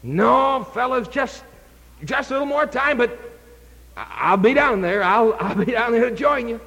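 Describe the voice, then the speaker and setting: Preacher doing high eager stammery young guy making excuses, hall echo. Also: expressive, normal speed, vocal fry, sharp tone, full character voice. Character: eager young man, a stammering insurance salesman always stalling.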